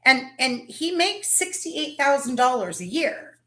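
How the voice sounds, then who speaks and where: A woman hosts a casual live chat, greeting viewers as they drop in. Her voice sits fairly high, and the room around her rings with echo. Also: sing-song, a little slow, pushed and bright. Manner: chatty, greets viewers by name. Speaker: livestream host.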